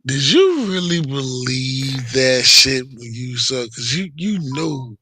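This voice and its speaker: A man's voice: medium pitch, sing-song, slow, sharp tone, slightly rough, dry recording. A man hosting a casual talk stream, questioning his guest with incredulous, repeated, profane questions. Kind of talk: casual chat.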